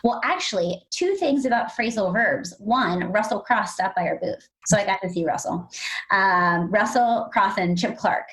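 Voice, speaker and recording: Animated woman podcast co-host. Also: normal speed, rough recording. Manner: animated storyteller, acts out quotes in a high excited voice. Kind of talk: casual podcast chat.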